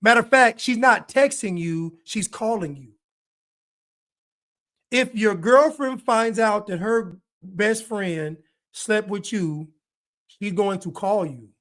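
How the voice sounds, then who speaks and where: A man's voice: high-pitched, takes it slowly, fairly bright tone. A man giving video commentary, hammering points with repeated rhetorical questions. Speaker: online commentator.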